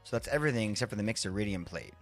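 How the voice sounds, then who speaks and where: Excitable rambling male streamer. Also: fairly low pitch, rapid-fire, soft background music. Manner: rambling and excitable, laughs often, swears. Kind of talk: live gameplay stream chat.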